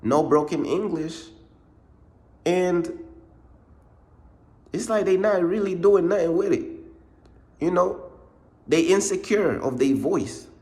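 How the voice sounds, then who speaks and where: A man's voice: high-pitched, slow, pauses often, darkish tone. A man giving a casual, informal faith pep talk in slangy speech, repeating his points and often calling the listener "bruh". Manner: repetitive, informal slang, says "bruh" a lot; emphatic, circles back to points. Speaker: ministry channel host.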